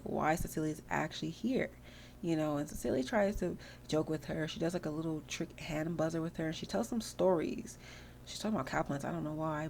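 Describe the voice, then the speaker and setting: Chatty woman with a gravelly voice. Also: low-pitched, darkish tone, slight background noise. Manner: rambling and chatty, full of "like". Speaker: gaming channel host. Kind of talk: casual gameplay commentary.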